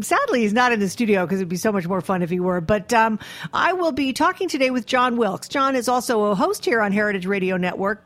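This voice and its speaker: A woman's voice: a little high, a bit bright. Chatty woman radio host. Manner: chatty, laughs often, many ums. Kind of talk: casual radio interview. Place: radio studio.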